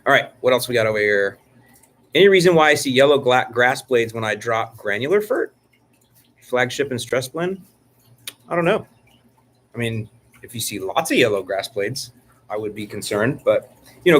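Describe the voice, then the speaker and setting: Middle-aged man, casual live chat, joking, rambling, mid-pitched voice. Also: a bit bright, slight background noise. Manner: joking, rambling, with frequent restarts and fillers. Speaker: lawn care channel host.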